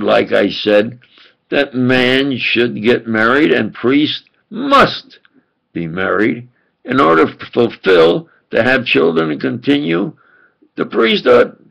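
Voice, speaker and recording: Slow and deliberate, an older New York preacher with a thick accent delivers a rambling, insistent, emphatic monologue. His mid-range voice is heavily gravelly and husky yet fairly bright in tone, with big pitch swings, captured on a dull, lo-fi recording.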